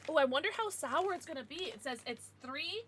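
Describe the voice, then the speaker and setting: A woman's voice: sits high, expressive, fairly quick, fairly bright tone, slight background noise. A woman livestreaming, chatting casually with her viewers in a bubbly, giggly way with playful baby-talk asides.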